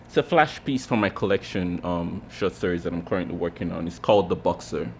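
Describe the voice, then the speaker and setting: A man at a pub open mic reading his own short story in a measured, literary way. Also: deep voice, a little mellow, a little hiss or hum. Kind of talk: reading fiction aloud. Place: pub stage.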